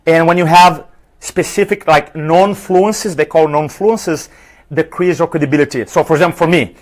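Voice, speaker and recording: Seminar trainer, male, thick Spanish-tinged accent, a bit high-voiced, punchy and energetic with audience. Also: moderate pace. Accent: foreign accent, Spanish-influenced. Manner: energetic, rhetorical questions, numbered tips. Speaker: public speaking trainer. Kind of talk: live seminar talk. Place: event room with an audience.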